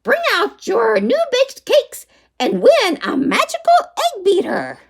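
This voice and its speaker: Woman doing a storybook witch, shrill, wheedling, boastful, sly, greedy, swooping pitch. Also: huge pitch swings, takes it slowly, gravelly, full character voice. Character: sly greedy cake-loving female witch.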